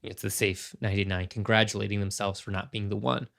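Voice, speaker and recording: A man in his thirties talks alone on his own podcast, his voice gravelly and full of fry. He speaks earnestly and with passion, circling back and restarting as he works through his thoughts. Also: on the low side, flat delivery, quick pace, fairly bright tone. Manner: earnest and impassioned, thinking aloud with restarts. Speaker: podcast host. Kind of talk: casual solo podcast commentary.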